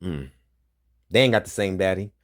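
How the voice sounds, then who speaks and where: A man's voice: deep voice, normal speed. A man reading a news story aloud and breaking into angry, profane commentary, agitated and heated. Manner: heated, profane, switches between flat reading and loud outbursts.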